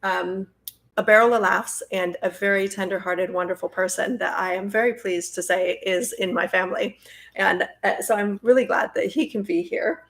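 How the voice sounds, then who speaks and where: Chatty woman with a gravelly edge. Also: mid-range voice, fairly even intonation, moderate pace, fairly bright tone. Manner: friendly, chatty, many fillers. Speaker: host and nonprofit president. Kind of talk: live-stream Q&A introduction.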